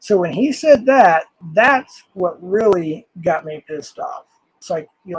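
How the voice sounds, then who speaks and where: A man's voice: high-pitched, animated, measured pace, breathy edge, low-quality recording. An older man streaming live, reading comments aloud in an angry, swearing rant.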